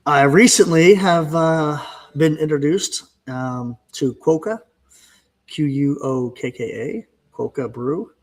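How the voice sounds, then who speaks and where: Man, husky tone, rapid animated podcast storyteller. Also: on the high side. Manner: fast, animated storytelling with exclamations. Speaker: podcast guest, fence business owner. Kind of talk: casual podcast conversation.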